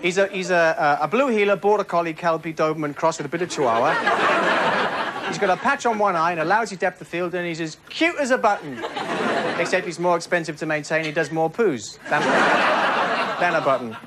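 A man's voice: fairly high pitch, a little fast. A man telling rambling jokes in a stand-up routine on a comedy club stage. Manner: rambling, self-interrupting joke telling. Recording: noisy live club recording.

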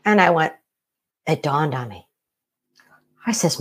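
A middle-aged woman recounts her own story as an interview guest, her voice husky and breathy. Her pitch swings widely as she acts out what people said to her, and she laughs often as she talks. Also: expressive, a little slow. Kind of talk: personal story in conversation.

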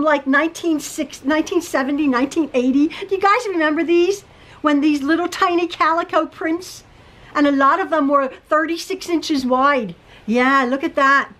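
High-voiced chatty woman quilter. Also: a bit bright, low-quality recording. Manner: chatty, rambling, with frequent restarts and fillers. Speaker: quilting teacher. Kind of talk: casual tutorial chat. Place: home sewing room.

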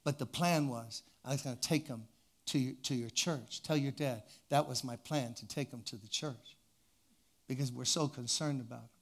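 An older man preaching in a church, telling a story with animation and then leading a quiet prayer. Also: medium pitch, normal speed. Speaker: pastor. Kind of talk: sermon with storytelling.

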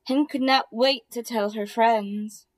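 A woman reading a children's picture book aloud in a slow, deliberate way. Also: on the high side, fairly even intonation. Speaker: storybook reader. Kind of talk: children's storybook read-aloud.

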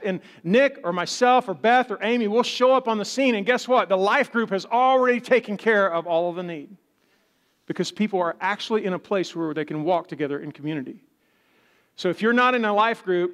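A man's voice: sits high, fairly bright tone. A man preaching a sermon as pastor, in a conversational style, now and then acting out the voices of doubters. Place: church.

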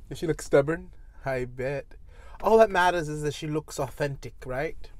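A woman's voice: deep voice, moderate pace, a little mellow. A woman food vlogger eating on camera, casually chatting with her mouth full while she chews, with playful, teasing asides to viewers. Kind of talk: eating vlog with casual chat.

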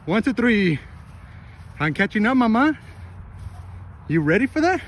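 A man in his thirties with a high, bouncy voice that swings all over as he films on his phone while playing soccer outdoors. He laughs a lot, teases his kids and sounds out of breath, with faint outdoor noise behind him. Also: very animated, a little slow, pauses often. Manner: playful, laughing often, teasing the kids. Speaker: father filming his family. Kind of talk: casual family vlog commentary. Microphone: phone held while playing.

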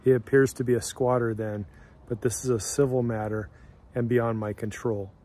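A polite, firm police officer, apologetic but unbending, in a story, as a male narrator puts him on. The voice sits at an ordinary middle pitch. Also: steady tone, normal speed, dark tone, natural voice.

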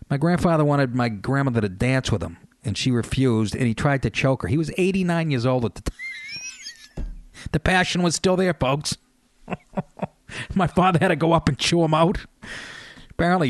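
A man hosting a radio show, telling family stories in a loose, profane, animated comedic monologue. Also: medium pitch, no room sound, studio quality. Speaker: radio host.

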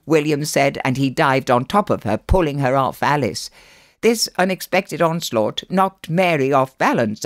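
A woman narrating a children's novel in an expressive storytelling manner. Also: rumbling low, no echo, clean studio sound. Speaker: audiobook narrator.

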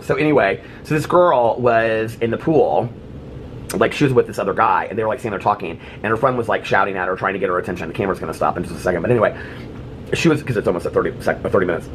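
A man's voice: mid-range voice, slight background noise. A man vlogger telling a funny story, laughing and acting out other people's voices. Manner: animated, laughing storyteller who acts out voices. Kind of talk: casual storytelling vlog.

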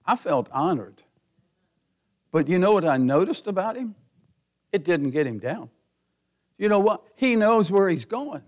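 A middle-aged man preaching a sermon as pastor, folksy and given to chuckles, rising to near-shouting as he presses his points. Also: high voice, very animated, unhurried, long pauses. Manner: folksy, laughs often, builds to near-shouting.

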